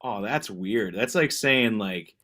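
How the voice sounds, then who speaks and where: A man's voice: on the low side, lively intonation, slow, fairly bright tone. A man with a Canadian accent, chatting casually as a livestream guest over a video call and laughing often. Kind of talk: casual chat.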